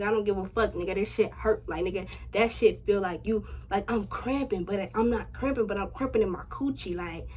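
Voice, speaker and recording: A young adult woman telling a personal story to her viewers in a casual vlog, slangy and full of swearing, getting louder and higher when excited. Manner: chatty, slangy and profane, addressing viewers directly; animated, rising loud and high when excited. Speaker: vlogger.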